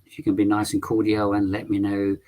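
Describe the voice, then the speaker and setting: A man's voice: lowish voice, completely flat delivery, brisk, warm tone. A man hosting a live call-in stream, polite and firm, with a lot of hesitant ums. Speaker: livestream host.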